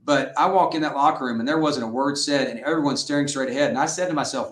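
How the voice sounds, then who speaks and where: This middle-aged high school football coach talks fast and earnestly through his interview stories, voicing the people he quotes. He has a typical male pitch, and a clear room echo colors the recording.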